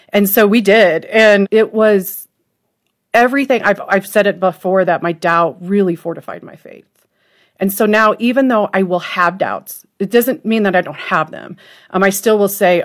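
A woman's voice: mid-range voice, unhurried. A middle-aged woman, a podcast co-host and author, talking candidly and with emotion about faith and doubt as a guest. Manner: earnest, emotional storytelling.

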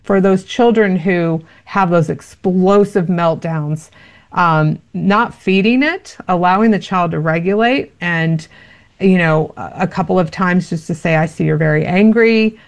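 A woman's voice: on the low side, a little slow. A woman giving parenting advice in an interview, earnest and explanatory, with many fillers. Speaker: parenting expert guest.

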